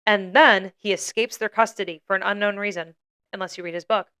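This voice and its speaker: A woman's voice: mid-range voice, fairly even intonation, brisk, pushed and bright, smooth. A young woman co-hosting a podcast, casually retelling a story with lots of "like" and acted-out quotes. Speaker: podcast co-host.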